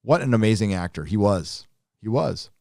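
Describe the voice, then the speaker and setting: A man's voice: on the low side, expressive, moderate pace, vocal fry, darkish tone, no room sound, clean studio sound. A man hosting a live stream, reading viewer donations aloud and answering them with joking, profane, rambling asides. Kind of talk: casual live-stream chat.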